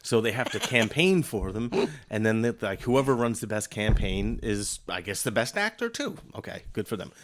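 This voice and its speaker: A man's voice: on the low side, normal speed, background noise. A man co-hosting a podcast, ranting in a casual comedic way and slipping into mocking voices. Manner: animated, slips into mocking put-on voices. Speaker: podcast co-host.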